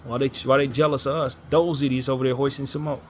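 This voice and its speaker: A man's voice: medium pitch, little pitch movement, quick pace, a little mellow, slight background noise. Frustrated man ranting about his team. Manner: frustrated, blunt, repetitive emphasis. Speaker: sports fan commentator. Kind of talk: ranting fan monologue.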